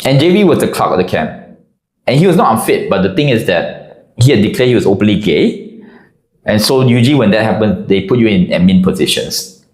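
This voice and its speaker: A man from Singapore telling a personal story about army life in an expressive, conversational way. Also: on the low side, a little fast. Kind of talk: personal anecdote narration. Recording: echoey room.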